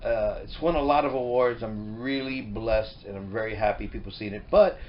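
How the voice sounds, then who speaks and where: A middle-aged man and comedian turned filmmaker, chatting in an animated, rambling way with many restarts as an interview guest on a boat. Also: lowish voice, moderate pace. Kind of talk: casual interview chat. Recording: muffled lo-fi recording with faint noise.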